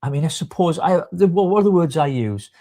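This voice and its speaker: A man's voice: fairly high pitch, lively intonation, fairly quick, warm tone. Chatty Welsh man. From South Wales. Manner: chatty and teasing, firm when talking politics. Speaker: co-host. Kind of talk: casual political chat.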